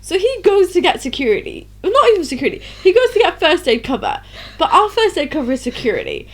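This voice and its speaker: A woman's voice: very high voice, wildly swooping pitch, quick pace. A young woman co-hosting a casual chat podcast, chiming in with playful, sweary jokes. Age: young adult. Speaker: podcast co-host.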